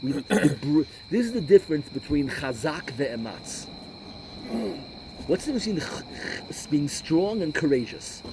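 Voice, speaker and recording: A rabbi preaching an animated sermon, sprinkling Hebrew and Yiddish terms through his English. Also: a little high, moderate pace, noisy background.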